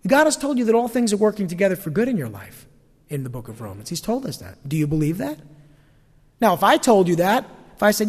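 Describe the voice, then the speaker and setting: A male pastor preaching a sermon in a lively, animated way, acting out the voices he quotes. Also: high voice, fast talker. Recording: long hall reverb.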